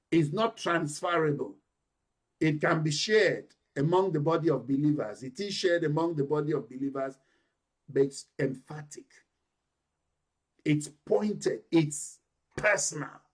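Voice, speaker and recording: A man preaching a sermon as pastor of a church, emphatic and building in intensity. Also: on the high side.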